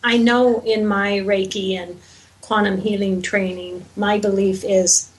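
A woman's voice: mid-range voice, level tone, measured pace, rough recording. A woman hosting an interview, asking short questions and affirming often. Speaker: host.

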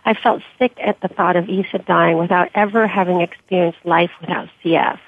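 A woman with a husky voice reading her own memoir in a measured, quiet way, then answering interview questions, heard over a dry, tinny phone-like line. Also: on the low side, steady tone, dry recording. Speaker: author and interview guest.

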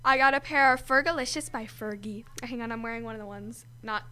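A woman's voice: a little high, brisk, pushed and bright. Giggly chatty teen girl co-host. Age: teens. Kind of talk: casual chat on kids' radio.

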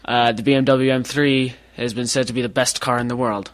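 A man's voice: medium pitch, fairly even intonation, brisk. A man co-hosting a casual chat, answering in short, stubborn bursts. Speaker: podcast co-host.

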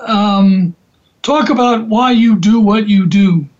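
Guy hosting talk radio, high-ish voice, takes his time, kinda dull lo-fi sound. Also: a little mellow. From Atlanta, USA. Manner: slow, folksy, drawn-out phrasing. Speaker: radio show host, rabbi.

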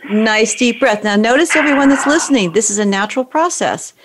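A woman coaching someone through an emotional exercise, giving calm, directive prompts. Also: a little high, a little fast, background noise. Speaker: emotional brain training coach. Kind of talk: guided coaching session.

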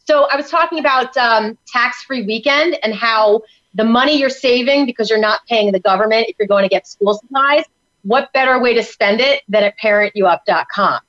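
Energetic New York woman, slightly muffled. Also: a little high, normal speed. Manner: energetic, upbeat, salesy. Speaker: parenting coach guest. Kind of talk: enthusiastic talk-show chat. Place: studio in Tampa.

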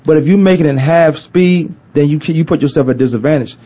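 A man's voice: on the high side, quick pace, dark tone. A man hosting sports talk radio, teasing and loose, often dropping verb endings. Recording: dull lo-fi radio sound.

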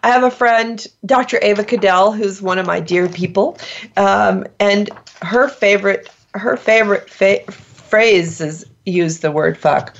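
A woman's voice: mid-range voice, a little slow, lo-fi sound. A woman hosting a podcast in casual chat, playful and emphatic, laughing often. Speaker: host.

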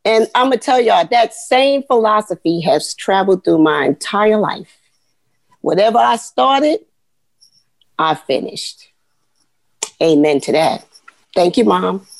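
A woman, telling animated, folksy stories as an interview guest. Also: mid-range voice, measured pace, vocal fry, no echo. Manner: animated, folksy, addresses listeners as y'all. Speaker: guest, retired Army veteran. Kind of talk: storytelling interview.

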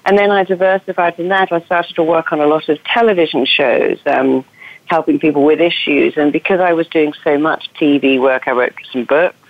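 A woman's voice: low voice, fairly even intonation, a little fast, phone-quality sound. A woman with an English accent, a guest therapist telling her story in an enthusiastic, chatty way. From England. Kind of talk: podcast interview.

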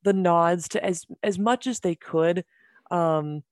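A podcast guest in casual chat, excitable and gushing, talking in quick bursts. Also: mid-range voice, no room sound, clean studio sound.

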